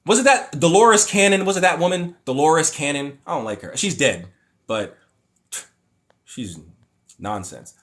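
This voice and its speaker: A man's voice: on the high side, expressive, unhurried, pauses often. Rambling, opinionated man on a livestream. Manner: rambling and opinionated, with frequent fillers and restarts; mocking voices when paraphrasing others. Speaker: livestream host. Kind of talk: casual livestream chat, reading comments aloud.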